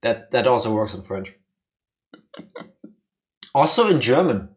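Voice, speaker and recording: A man's voice: mid-range voice, big pitch swings, measured pace, pauses often. A man co-hosting a let's play, chatting casually and hamming up the game's lines in mock-dramatic voices. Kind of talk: casual gameplay chat with voiced readings. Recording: faint music behind.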